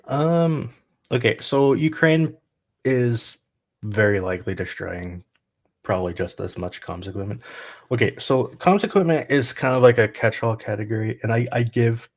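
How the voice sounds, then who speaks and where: A man's voice: mid-range voice, normal speed. A man who is a guest analyst on a livestream, explaining things casually and using "like" often.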